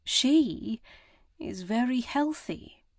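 A woman's voice: expressive, very slow, dry recording, studio quality, exaggerated voice. A woman voicing a kindly village midwife, urging and tender, in an audiobook. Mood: coaxing. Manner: high, coaxing and gentle.

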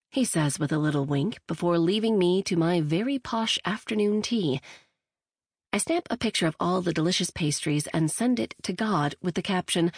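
A woman's voice: lowish voice, lively intonation, normal speed, darkish tone, breathy edge, no room sound. A woman narrating a first-person audiobook in a chatty, self-deprecating way, on a close studio mic.

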